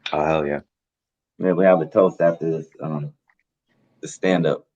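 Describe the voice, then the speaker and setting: A man's voice: a bass voice, fairly even intonation, measured pace, a little mellow, highs cut off. A man hosting a casual chat, laid-back and easygoing. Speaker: host.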